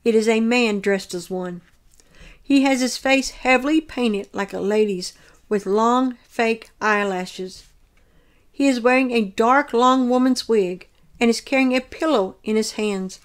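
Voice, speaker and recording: A woman narrating her own religious dream as a testimony, reading in an earnest, measured way. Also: fairly high pitch.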